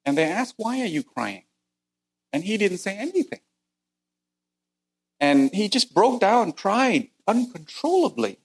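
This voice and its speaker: A middle-aged man from Vietnam preaching a sermon and telling his own story earnestly, his voice climbing high at the tense moments. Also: sing-song, normal speed, husky. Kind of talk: sermon with personal testimony.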